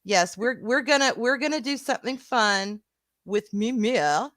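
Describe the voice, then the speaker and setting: A woman's voice: on the high side, lively intonation, a little slow, fairly bright tone, no echo. A woman with a Southern US accent, co-hosting a casual livestream and greeting her chat, calling viewers sweetheart and honey with a giggle. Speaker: co-host of a stream.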